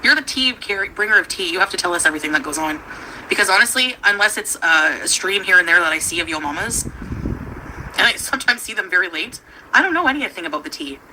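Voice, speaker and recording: A woman's voice: fairly low pitch, lively intonation, quick pace, bright, forceful tone. Rambling giggly woman on a noisy stream. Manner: chatty, giggly, trails off mid-sentence. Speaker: livestream host. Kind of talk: casual rambling chat.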